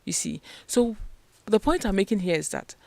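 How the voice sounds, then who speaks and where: A woman's voice: mid-range voice, lively intonation, normal speed, gravelly, darkish tone, dry recording. Woman, radio studio guest, dry close sound, teaching with rhetorical questions. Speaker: leadership and communication strategist, guest. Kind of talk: radio interview, explaining to a host.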